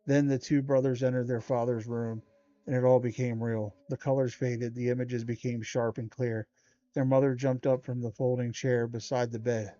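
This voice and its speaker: A man's voice: mid-range voice, normal speed. A man hosting a livestream, reading a children's horror book aloud with small stumbles along the way. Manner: steady read-aloud with small stumbles and slangy asides. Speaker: livestream host. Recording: dull lo-fi stream audio.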